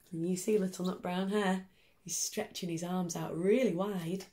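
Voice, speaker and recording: A woman teacher reading a picture book to young children from her sofa at home, in a gentle, encouraging voice. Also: mid-range voice, fairly even intonation, moderate pace.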